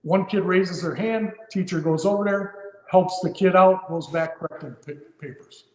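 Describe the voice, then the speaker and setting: A man's voice: high-pitched, moderate pace. A man in his fifties, a firefighter and podcast guest, telling a story earnestly and from the heart, with frequent fillers and restarts. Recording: roomy with long reverb.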